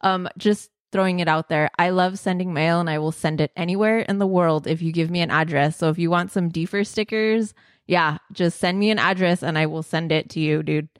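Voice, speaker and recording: A woman's voice: lowish voice, fairly even intonation, brisk, dry recording, clean studio sound. A woman hosting a podcast, chatting in a bubbly, giggly, gushing way. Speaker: podcast host. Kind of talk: casual podcast chat.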